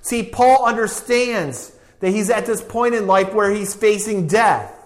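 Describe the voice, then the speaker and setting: A man's voice: high voice, a little slow. A man preaching a sermon with an emphatic, repetitive cadence, reading scripture aloud. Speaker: pastor.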